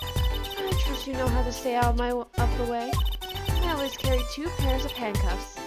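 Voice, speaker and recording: A woman's voice: sits high, moderate pace, loud music behind the voice, lightly acted. A woman reading a curt, grumpy young detective. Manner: dry, curt.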